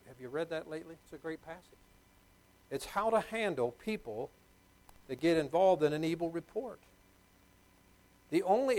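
A man's voice: on the high side, darkish tone, rough recording. A middle-aged man delivers a sermon in a slightly raised voice. He leans hard on key words, repeating them, and keeps putting questions to the congregation. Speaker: pastor.

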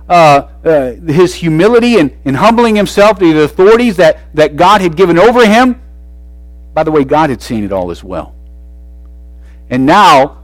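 A man preaching a sermon in an animated way, swinging between loud and soft with frequent restarts. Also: on the high side, dry recording, low-quality recording.

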